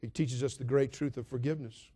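A male pastor delivering an emphatic, repetitive sermon, dropping soft and then building loud. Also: medium pitch, steady tone, quick pace, husky.

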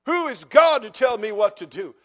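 A proud, arrogant king who scoffs at any higher authority, as an older preacher puts him on. His defiance comes out scornful and sharp in a sermon retelling, pitched a little higher than plain talk. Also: sing-song, normal speed, heavily acted. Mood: defiant.

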